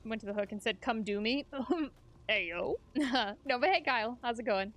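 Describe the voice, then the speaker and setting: A woman's voice: on the high side, normal speed, fairly bright tone. A young adult woman streamer chatting casually with her chat while gaming, laughing often.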